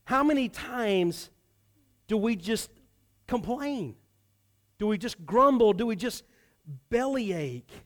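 A man's fairly high voice carries a Sunday sermon. He talks as a pastor to his congregation, pressing some lines loudly and sinking others into a low, quiet murmur. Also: takes it slowly, pauses often. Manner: animated, swings from loud emphasis to hushed low delivery.

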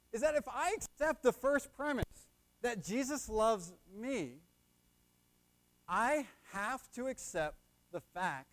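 Young male lay preacher, high pitch, animated delivery, calls out to the congregation. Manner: repeats "right?" to the congregation; call and response with the audience. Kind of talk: sermon.

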